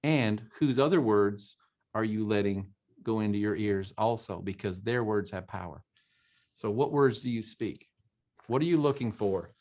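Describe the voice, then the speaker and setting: A man's voice: lowish voice, moderate pace, a little mellow. A man co-hosting a motivational talk show, speaking emphatically, quoting scripture and repeating phrases for emphasis. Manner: emphatic, preachy, quotes scripture.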